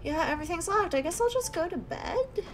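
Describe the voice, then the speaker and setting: A young woman hosts a let's play, chatting casually over her gameplay, reacting aloud and often dropping to a murmur. Her very high voice is animated and brisk. The audio is poor, with slight background noise.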